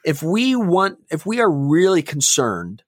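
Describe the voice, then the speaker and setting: A man's voice: fairly high pitch, very animated, a little slow, no room sound, clean studio sound. A man who is a pastor, talking earnestly and emphatically in a podcast conversation.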